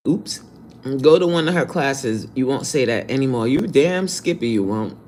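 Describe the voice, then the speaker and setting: A man's voice: medium pitch, animated, normal speed, darkish tone. A man fitness coach on a live stream who reads out viewer comments in a blunt, sassy, scolding way.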